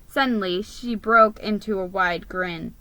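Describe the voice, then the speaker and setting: A woman reading a children's book aloud in an animated, expressive way. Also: medium pitch, measured pace, rough recording. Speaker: reader.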